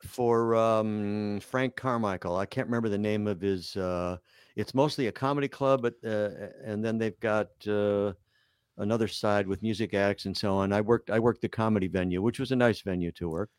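A man's voice: lowish voice, fairly even intonation, normal speed, a little mellow, clear, resonant tone, no echo, studio quality. An older man, a comedian and musician, chatting as a guest in a self-deprecating, rambling way with many fillers. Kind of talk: casual interview chat.

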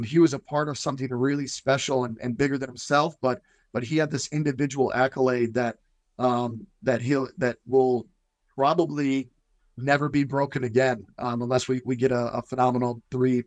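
A man's voice: medium pitch, little pitch movement, normal speed, dry recording. A middle-aged man, a football coach, talking earnestly in a casual radio interview with many fillers and restarts.

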